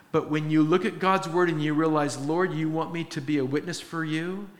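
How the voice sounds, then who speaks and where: A man's voice: on the high side, normal speed, few pauses. A man preaching a sermon, retelling a story with acted-out quotes and earnest, emphatic teaching. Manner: animated storytelling, acting out quoted voices. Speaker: pastor.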